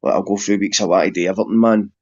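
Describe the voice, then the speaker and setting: A man on a video call in casual chat, talking rapidly and saying bro and mate. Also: low voice, fairly even intonation, no echo, highs cut off. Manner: rapid, self-aware, says bro and mate. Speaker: panel guest.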